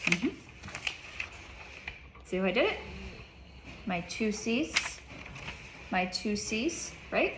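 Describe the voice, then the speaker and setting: A woman's voice: medium pitch, sing-song, slow pace, pauses often, background noise. A woman teaching a child reading in a one-on-one lesson, patient, repeating her questions and checking in with "okay?".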